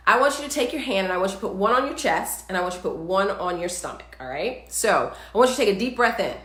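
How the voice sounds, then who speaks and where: An upbeat, chatty woman hosts a live wellness stream and coaches her viewers step by step through simple exercises. Her voice sits at a middling pitch. The sound carries a noticeable room echo. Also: sharp tone. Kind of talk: live-streamed instructional talk.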